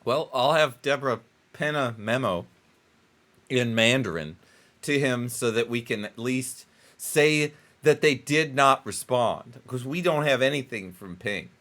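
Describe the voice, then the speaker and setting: A man's voice: mid-range voice, lively intonation, a little slow, a bit bright. A man co-hosting a casual comedy talk show, rambling and swearing a lot while drinking. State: drinking, getting tipsy. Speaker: co-host.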